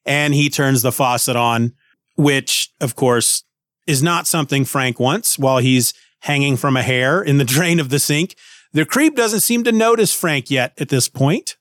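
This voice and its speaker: A man's voice: medium pitch, unhurried, a bit bright, no echo, clean studio sound. A man hosting a podcast, recapping a comic book in a casual, rambling way with many restarts. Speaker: podcast host.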